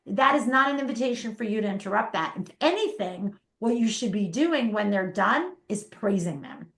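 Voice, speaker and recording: A woman in her fifties, a parenting coach, talking as a guest in a casual interview, animated and emphatic. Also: a little high, moderate pace. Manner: animated, emphatic, acts out parents and kids in quotes. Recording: echoey room.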